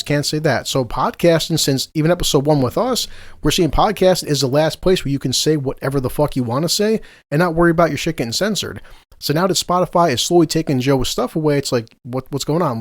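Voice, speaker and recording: A man's voice: fairly high pitch, no room sound, clean studio sound. A man hosting a casual podcast, ranting heatedly and swearing freely. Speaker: podcast host.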